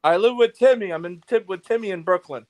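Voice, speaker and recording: A man's voice: sits high, fast, no room sound. A man, a guest tradesman chatting casually in folksy plain sayings. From New York. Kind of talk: casual chat.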